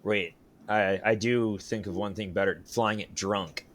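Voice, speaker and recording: A man's voice: lowish voice, fairly even intonation, a little slow, fairly bright tone, slight background noise. A man co-hosting a podcast, bantering casually with dry, teasing jokes and swearing. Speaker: podcast co-host. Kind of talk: casual chat.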